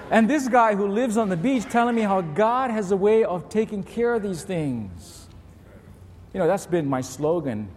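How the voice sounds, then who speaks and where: A man's voice: big-room sound, a little hiss or hum. Preaching man with a lofty voice. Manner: animated preaching, acting out pleading voices with big pitch leaps. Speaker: pastor. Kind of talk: sermon.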